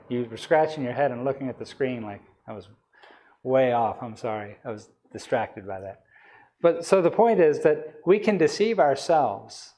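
A man's voice: medium pitch, warm tone. A man preaching a sermon in a church hall, reading scripture aloud and explaining it earnestly, rising to emphatic peaks on key words.

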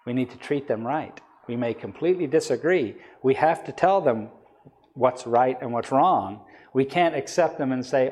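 Male preacher, earnest sermon delivery, mid-pitched, emphatic on scripture. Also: lively intonation, normal speed, darkish tone. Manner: earnest, building to emphatic peaks on key words.

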